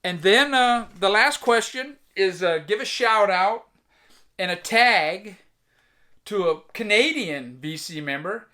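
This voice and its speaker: A man's voice: sits high, lively intonation, takes it slowly, sharp tone. Laid-back man chatting about records. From United States. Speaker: vinyl collector vlogger. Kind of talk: casual record show-and-tell.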